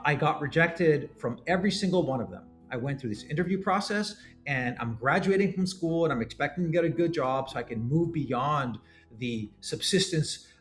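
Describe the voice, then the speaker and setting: Animated male startup founder, guest. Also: on the high side. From Canada. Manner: animated, repeats and restarts words. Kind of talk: storytelling interview talk.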